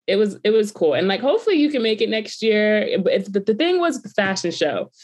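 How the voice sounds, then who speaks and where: A young woman co-hosting a casual chat, telling a story with animated quoted voices. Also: medium pitch, brisk. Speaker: podcast co-host.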